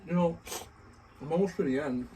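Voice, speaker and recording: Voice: mid-range voice, brisk, recorded from a distance, noisy background. Playful guest at a kitchen mukbang. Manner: playful, self-mocking. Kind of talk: casual mukbang chat. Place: home kitchen.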